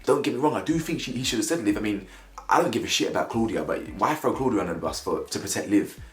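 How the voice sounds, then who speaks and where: A man's voice: on the low side, quick pace. A man with giving blunt, opinionated commentary on a reality show. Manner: animated, blunt, ranting with slang. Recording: echoey room.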